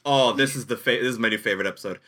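A man's voice: medium pitch, very fast, sharp tone. A man hosting a casual video chat, joking and self-mocking as he talks. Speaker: host. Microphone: webcam on a video call.

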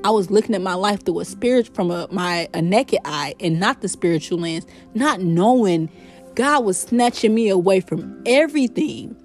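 A woman hosting a podcast, telling her spiritual testimony in an emotional, expressive way. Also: mid-range voice, moderate pace, soft background music. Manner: emotional, expressive, faith-filled storytelling. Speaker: podcast host.

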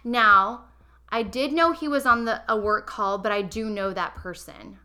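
Casual podcast host, young woman, animated and emotional, talks straight to her audience with a bright edge. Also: mid-range voice, a little slow. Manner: animated, emotional, addresses listeners directly. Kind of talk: casual confessional storytelling.

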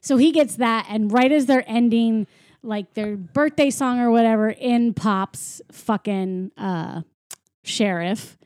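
A woman's voice: fairly high pitch, slow, no room sound, clean studio sound. A woman in casual chat, animatedly retelling a film and acting out the characters' lines. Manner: animated storyteller, acts out characters' lines, swears freely. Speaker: podcast co-host.

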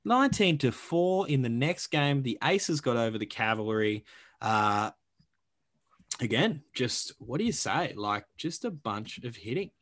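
This sports podcast co-host is a young man from Australia with a mid-range, unhurried voice. Casual and animated, he cracks jokes and reels off statistics, his talk full of fillers.

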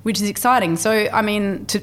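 An Australian woman with a mid-range voice talks fairly quickly as a podcast guest, chatting casually about her work. Her storytelling in this conversational interview is chatty and animated, full of filler words.

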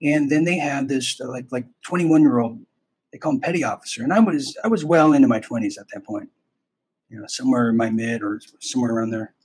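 A man's voice: mid-range voice, quick pace, darkish tone, slightly rough, rough recording. A man hosting a podcast, telling a rambling, self-interrupting personal story in a casual way and acting out bits of dialogue. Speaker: podcast host.

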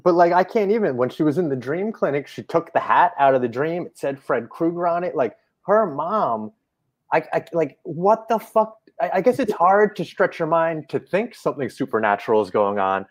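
A man's voice: on the high side, sing-song, normal speed. A man co-hosting a podcast, retelling a film in casual, profane chat. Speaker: podcast co-host.

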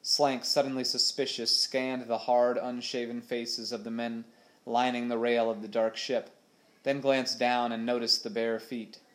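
A man reading a children's adventure novel aloud with steady, expressive storytelling. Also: mid-range voice, unhurried. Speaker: audiobook narrator. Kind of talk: storybook narration.

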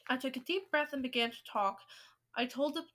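A woman reads a children's book aloud, with steady, expressive storytelling. Her voice is high and bright. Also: a little fast.

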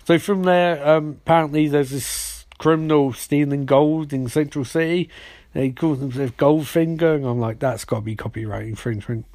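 A man's voice: on the high side, steady tone, normal speed, a little mellow, dry recording, studio quality. A man giving a rambling, sarcastic, profane comedic episode recap.

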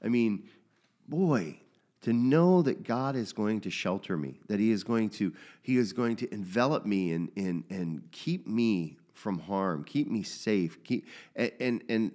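A man's voice: on the low side, expressive, a little slow, dark tone. A man co-hosting a casual faith discussion, talking in a loose, conversational way with many restarts. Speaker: co-host.

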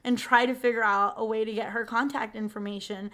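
A young woman hosting a podcast, telling a story in casual chat, animated, full of fillers and swearing. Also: on the high side, fairly quick. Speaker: podcast host.

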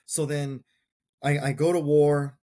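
A man's voice: on the high side, level tone, measured pace, dark tone. A man in his forties, a combat veteran and podcast guest, telling his story in an earnest, reflective way in short plain clauses. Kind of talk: personal storytelling in a conversation.

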